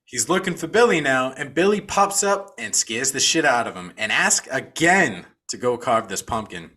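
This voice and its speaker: Podcast guy telling the movie plot, lively swoopy voice, bright and punchy, swears a lot. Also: medium pitch, normal speed, slightly rough. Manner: animated, profane storytelling. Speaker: podcast co-host. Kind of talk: casual movie recap.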